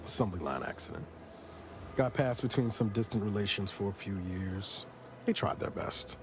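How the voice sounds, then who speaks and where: A man's voice: on the low side, moderate pace, noisy background, natural voice. A man playing a weary, wry space agent. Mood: wistful. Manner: dry, wry and reflective. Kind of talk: game dialogue. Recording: game audio with music behind.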